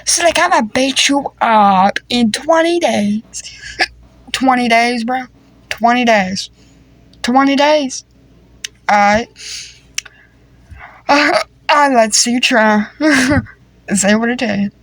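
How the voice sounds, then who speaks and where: A woman's voice: fairly high pitch, slow, pauses often, no room sound. A woman improvising a comedy family skit, talking in a playful, teasing, slangy way. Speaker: creator voicing a family skit.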